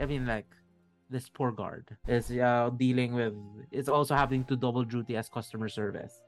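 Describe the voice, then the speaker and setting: A man's voice: medium pitch, steady tone, moderate pace, soft background music. A man narrating a tabletop fantasy game as game master, rambling with many restarts.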